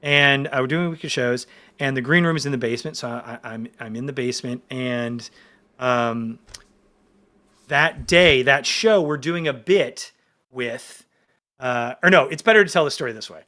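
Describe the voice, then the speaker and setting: A man in his forties, a podcast guest, telling stories in casual chat in an excited, rambling way with many restarts. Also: mid-range voice, moderate pace.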